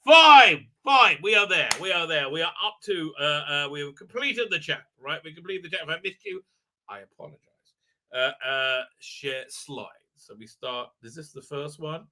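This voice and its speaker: Guy rambling thru a sarcastic review livestream, kinda high pitched, super sharp bright tone. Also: lively intonation, moderate pace. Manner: sarcastic, rambling, many fillers and tag questions. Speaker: host, reviewer.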